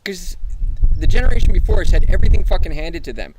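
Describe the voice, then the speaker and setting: Thirties man, high voice, profane ranter on a casual podcast. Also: lively intonation, fast talker, background noise. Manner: ranting, profane. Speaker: podcast guest.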